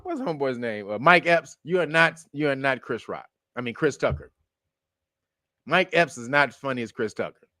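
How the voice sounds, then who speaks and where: A man hosting a casual commentary show, rambling and profane, who corrects himself often and breaks into loud laughter. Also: medium pitch, no room sound, clean studio sound. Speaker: show host.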